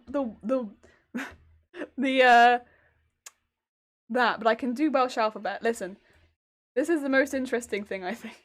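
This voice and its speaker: A woman streamer chatting casually with her viewers, laughing often and restarting her sentences. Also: sits high.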